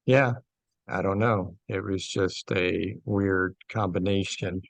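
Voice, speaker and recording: An older man with a gravelly voice on a video call, speaking slowly and fumbling with his audio settings. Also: deep voice, steady tone, no echo. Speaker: class participant.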